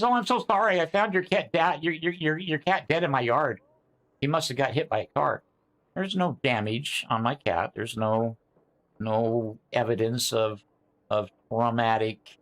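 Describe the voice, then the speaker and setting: A man's voice: mid-range voice, a bit bright. An older man, rambling casually to his live-stream chat with many fillers and restarts, answering viewers by name. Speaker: sim racing streamer.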